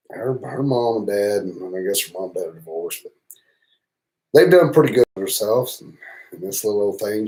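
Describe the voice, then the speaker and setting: On a poor-quality recording, this Southern-accented man's lowish voice sounds mellow. He runs a motorcycle travel channel and is livestreaming, telling loose, profane stories with a teasing, casual edge.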